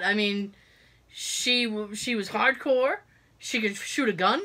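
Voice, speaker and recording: A woman co-hosting a podcast, telling an animated story in casual chat and acting out the quotes. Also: fairly high pitch, moderate pace. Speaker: podcast co-host.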